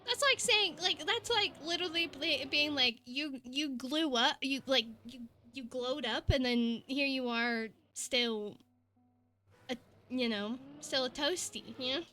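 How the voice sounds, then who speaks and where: A young woman streaming a game, chatting excitably with her viewers and laughing often. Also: high voice, measured pace, a little hiss or hum. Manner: excitable, giggly, chatty with chat. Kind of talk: casual gaming live-stream chat.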